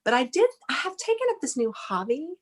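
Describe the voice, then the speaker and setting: A middle-aged woman with a Texan accent telling a lively story as a podcast guest, laughing often. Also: sits high, brisk, husky. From Texas. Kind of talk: casual storytelling chat.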